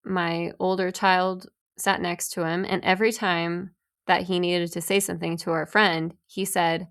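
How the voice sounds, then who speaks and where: Woman, 30s, podcast co-host; low, gravelly voice, chatty storyteller. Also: level tone, unhurried, a bit bright. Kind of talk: casual chat.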